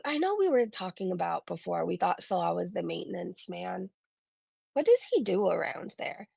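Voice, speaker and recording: A woman's voice: lowish voice, sing-song, normal speed, gravelly, warm tone, slightly rough, no echo. A woman hosting a casual reaction commentary, sarcastic and blunt, who swears freely and laughs through her remarks. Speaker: reaction channel host.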